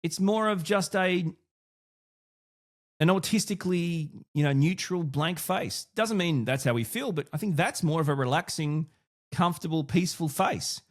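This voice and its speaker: A man's voice: a little high, lively intonation, moderate pace. A man hosting his own podcast, talking casually and thinking aloud with frequent restarts and asides. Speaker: podcast host. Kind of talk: casual solo podcast talk.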